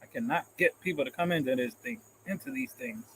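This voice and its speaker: A man's voice: high-pitched, big pitch swings, brisk, a little hiss or hum, low-quality recording. A man hosting a casual live stream, reading out comments in a rambling, self-deprecating way and chuckling often, into a phone camera. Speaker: livestream host.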